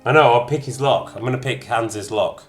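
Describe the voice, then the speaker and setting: A man's voice: mid-range voice, normal speed, faint music behind. Chatty man streaming a game. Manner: chatty, reads out viewers' locations, jokey asides. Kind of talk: casual live-stream chat while gaming.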